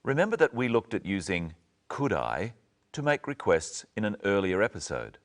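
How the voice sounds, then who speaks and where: Deep-voiced man teaching clearly. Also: sing-song. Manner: slow, clear teaching delivery. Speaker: presenter. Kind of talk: scripted language-lesson narration.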